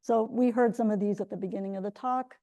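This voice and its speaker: A woman's voice: mid-range voice, steady tone, quick pace, dark tone. A middle-aged woman presenting research at an academic colloquium, explaining step by step with frequent self-corrections and restarts. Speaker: linguistics researcher giving a colloquium talk. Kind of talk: academic lecture. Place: lecture room.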